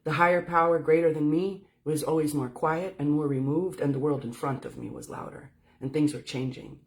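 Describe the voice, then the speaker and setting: A woman's voice: low-pitched, fairly quick. A woman giving a casual livestream talk as a spiritual speaker. She talks candidly and swears freely as she tells her story. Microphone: phone.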